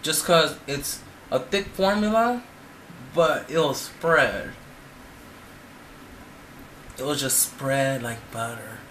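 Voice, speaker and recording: Drag performer man, makeup vlogger; playful chatter, a bright voice, mid pitch, faint hiss behind. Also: very slow, long pauses. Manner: chatty and playful, with sassy asides. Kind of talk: casual makeup tutorial.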